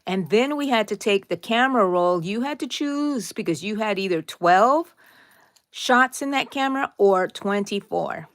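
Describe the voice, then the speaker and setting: A woman's voice: mid-range voice, expressive, measured pace, no echo. Chatty, rambling middle-aged woman, dry close sound. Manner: rambling, chatty storyteller who drifts into side stories; answers viewer chat by name. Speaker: crochet tutorial host. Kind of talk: casual live-stream tutorial chat.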